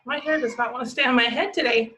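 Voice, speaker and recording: A woman teaching a remote phonics lesson to young children, stretching out each word slowly as she sounds it. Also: a little high, bright, forceful tone. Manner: slow, drawn-out sounding of words. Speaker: preschool teacher. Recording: slightly dull lo-fi audio.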